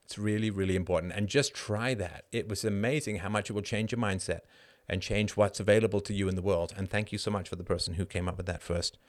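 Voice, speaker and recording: Animated lowish-voiced middle-aged male host. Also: fast, hardly any pauses. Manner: animated, frequent rhetorical "right?", laughs mid-sentence. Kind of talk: live show monologue answering chat questions.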